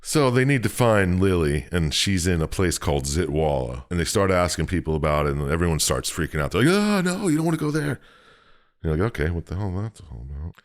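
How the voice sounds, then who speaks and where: Very low male voice, podcast co-host, giggly recap with quick silly character voices. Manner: laughs often, retells with quick silly voices. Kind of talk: casual chat.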